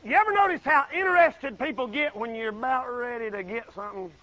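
A man preaching a folksy sermon, swinging from loud exclaiming to low murmured asides. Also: fairly quick, low-quality recording.

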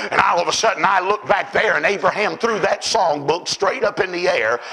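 A man preaching a sermon, telling stories with fervour and often shouting. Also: high voice, creaky, low-quality recording. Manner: fervent storytelling, often shouting.

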